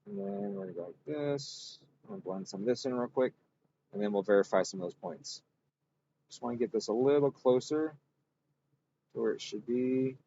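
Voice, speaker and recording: Streaming a dyno session, this engine tuner talks at a moderate pace in a warm, mid-range voice, musing out loud and correcting himself as he wanders between thoughts. It's laid-back technical talk, recorded with dulled highs and faint background hiss or hum.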